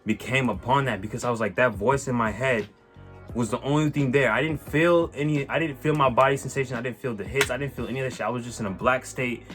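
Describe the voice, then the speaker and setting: A man telling a personal story on his vlog in a casual, animated way, swearing and using lots of slang, with many restarts. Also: medium pitch, fast talker. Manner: animated, profane, slang-heavy, rambling with restarts. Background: faint music.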